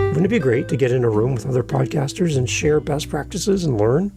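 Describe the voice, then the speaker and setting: A man hosting a solo podcast, giving energetic, playful advice and sometimes mimicking listeners in silly voices. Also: mid-range voice, brisk, vocal fry, few pauses, over music. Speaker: podcast host.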